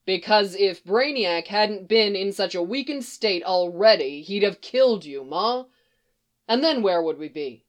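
A woman's voice: medium pitch, animated, a little slow, natural voice. A woman doing an earnest grown son. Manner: earnest, a little exasperated. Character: gentle grown son, young man.

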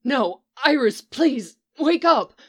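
A woman's voice: fairly high pitch, expressive, unhurried, fairly bright tone. A woman reading aloud, voicing an earnest young man who speaks in a pleading way. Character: earnest young man, frantic for his wife.

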